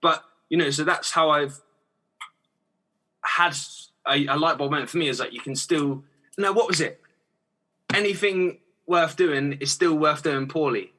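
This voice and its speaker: Young man, podcast guest; bright, husky, rambling chatty delivery. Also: on the high side, unhurried, long pauses. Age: young adult. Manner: chatty, rambling, laughs often, many restarts and fillers. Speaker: guest singer-songwriter. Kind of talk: casual podcast chat.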